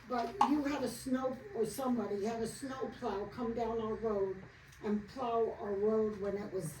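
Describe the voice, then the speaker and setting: A woman with a slightly high voice gives a blunt, exasperated complaint at a public meeting, rambling from one detail to the next. She is picked up from across an echoey meeting room. Faint background noise runs under the recording. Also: a little mellow, far from the mic. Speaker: resident speaking at public comment. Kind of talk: informal complaint at a township meeting.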